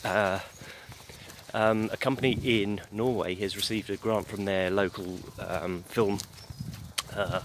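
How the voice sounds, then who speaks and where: Winded, low-voiced man walking outdoors. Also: steady tone. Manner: halting, many fillers and restarts. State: out of breath from walking uphill. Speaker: host of a daily podcast. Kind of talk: casual spoken news update. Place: outdoors on a hill. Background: clear outdoor noise.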